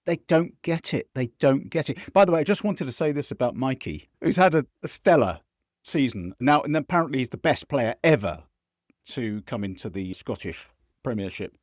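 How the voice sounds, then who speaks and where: A man hosting a casual football podcast over a video call, animated and sweary, often slipping into mimicry. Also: medium pitch, moderate pace, no room sound, clean studio sound. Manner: animated, sweary, mimics others in put-on voices. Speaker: podcast host. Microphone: video call mic.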